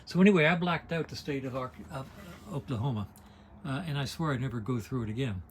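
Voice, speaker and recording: Speaking at a quick pace in a mid-range voice, an older man chats to his handheld camera inside an RV during a road trip. His rambling vlog is folksy and digressive, with wry asides and frequent restarts, over slight background noise.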